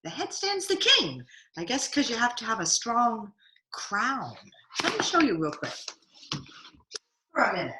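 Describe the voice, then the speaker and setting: A woman's voice: a little high, huge pitch swings, a little slow, pauses often, roomy sound, background noise. A woman teaching yoga to children over a video call, playfully coaching them through a picture-book story. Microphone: video call mic.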